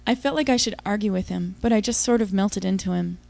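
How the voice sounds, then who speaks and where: A woman's voice: mid-range voice, fast talker, creaky, dark tone, dry recording. A woman giving an intimate, confiding first-person audiobook narration.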